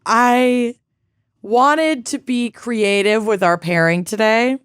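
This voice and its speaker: Smooth-voiced chatty woman podcast host. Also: fairly high pitch, slow pace, no echo, studio quality. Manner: chatty, blunt, swears casually. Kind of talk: casual chat.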